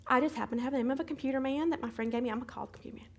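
A middle-aged woman teaching a Bible study, retelling a hectic day as an animated testimony with sound effects. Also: sits high, racing, breathy edge.

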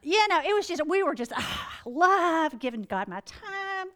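Lady in her middle years telling a faith story, high pitched, acts out all the dialogue. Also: very animated, measured pace, pushed and bright. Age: middle-aged. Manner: chatty, exclamatory, acts out dialogue. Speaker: Christian speaker. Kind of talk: animated storytelling.

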